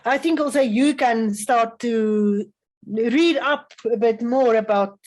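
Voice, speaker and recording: Woman, slightly high voice; patient adjudicator giving considered feedback, plenty of fillers. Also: darkish tone, rough recording. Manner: measured, instructive, frequent um fillers. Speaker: music festival adjudicator. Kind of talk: spoken feedback to young violinists.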